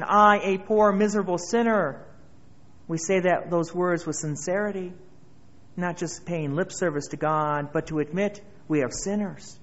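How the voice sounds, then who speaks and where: High-voiced pastor preaching earnestly. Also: male voice, unhurried, muffled recording. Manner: earnest preaching, swelling louder on key phrases. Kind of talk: sermon.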